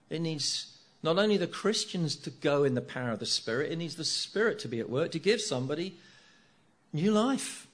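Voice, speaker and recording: A man's voice: on the high side, animated, moderate pace. A middle-aged man preaching a sermon, earnest, repeating key phrases and asking rhetorical tag questions.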